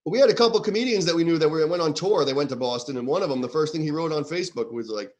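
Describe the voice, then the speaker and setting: A man's voice: fairly high pitch, rapid-fire, darkish tone. A man co-hosting a podcast in an easygoing, joking way. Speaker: co-host. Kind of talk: casual podcast chat.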